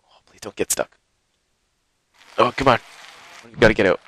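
A man giving live, excitable commentary while playing a game, exclaiming and gasping often, recorded on a headset. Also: lowish voice, normal speed. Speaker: gaming video host.

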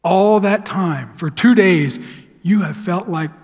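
A man preaching a sermon in a church sanctuary, telling the story with lively, dramatic flair. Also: sits high, slow pace. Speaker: pastor. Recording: long church hall reverb.

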